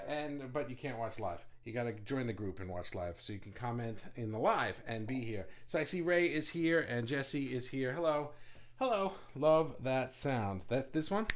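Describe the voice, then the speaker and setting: A man hosting a casual livestream, chatty and rambling, with many restarts, talking fast and swearing now and then. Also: mid-range voice. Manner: talks fast. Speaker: livestream host.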